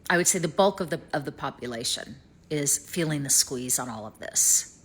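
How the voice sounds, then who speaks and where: Southern woman, middle-aged, lower voice; worried, rambling vlog talk that sinks to near-whispers. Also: animated, moderate pace, husky. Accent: Southern American. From East Tennessee, United States. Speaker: vlogger. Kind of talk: casual personal vlog. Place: rented home in Canada.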